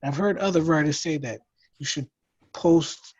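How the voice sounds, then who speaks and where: A man's voice: on the high side, normal speed, darkish tone, breathy edge, no echo. Hesitant man on muffled call audio. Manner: hesitant, searching for words. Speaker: workshop participant. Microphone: video call.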